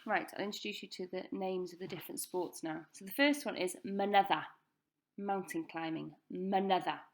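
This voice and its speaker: A woman teaching a recorded language lesson, saying each word slowly and clearly for pupils to repeat. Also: on the low side. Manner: slow, careful pronunciation drills. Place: school.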